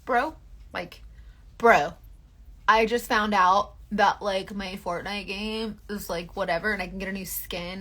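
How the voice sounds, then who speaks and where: Bright rambling woman, twang. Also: mid-range voice, fairly even intonation, measured pace, slight background noise. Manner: rambling, filler-heavy, restarts often. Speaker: beauty livestream host. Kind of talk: casual makeup chat.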